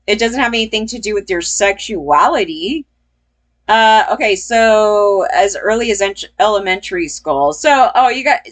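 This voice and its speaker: A woman's voice: mid-range voice, a bit bright. Blunt, rambling woman vlogger. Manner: blunt, profane, rambling with laughs. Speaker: commentary vlogger. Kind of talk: casual opinion commentary.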